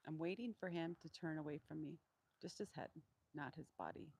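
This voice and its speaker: Calm, low-voiced woman training donkeys. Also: gravelly, husky, low-quality recording. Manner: calm, low-key, deliberately monotone. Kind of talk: live training demonstration. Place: outdoor pen with donkeys.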